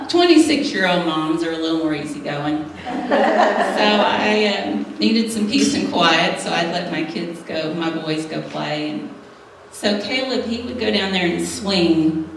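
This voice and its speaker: Her fairly low voice fills an echoey hall as a middle-aged woman recounts her humorous personal testimony at a women's church gathering, often breaking into laughter. A distant mic captures it, along with slight background noise.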